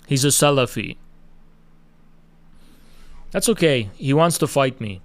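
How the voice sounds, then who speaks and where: A man's voice: mid-range voice, expressive, takes it slowly, no room sound. A man giving a combative livestream monologue, taunting his critics with rhetorical questions. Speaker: party chairman streaming on social media.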